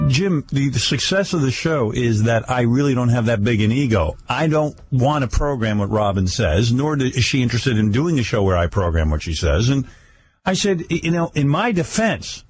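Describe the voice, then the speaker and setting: A man hosting a radio talk show, telling a story casually and mimicking others in a higher voice. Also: moderate pace, slightly rough, soft background music. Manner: animated, acts out quotes in a higher mocking voice. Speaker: radio host.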